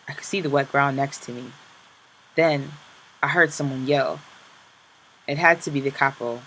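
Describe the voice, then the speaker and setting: A man reading a first-person memoir aloud in a slow, somber, hushed way. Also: fairly high pitch, slight background noise, low-quality recording. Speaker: audiobook reader.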